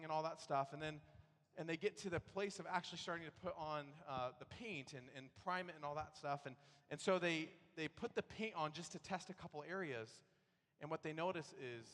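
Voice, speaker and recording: A male pastor preaching in a big church sanctuary, his voice pitched a little high for a man. He talks through a personal story in an easygoing, conversational way and now and then acts out his frustration in loud bursts. The sound rings out with a long hall reverb. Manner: conversational storytelling, bursts into animated acted-out outrage. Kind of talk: sermon.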